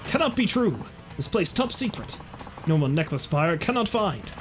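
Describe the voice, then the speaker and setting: A man's voice: on the high side, big pitch swings, normal speed, fairly bright tone, faint music behind. A man voicing a cold, menacing gangster who makes threats in clipped, broken English.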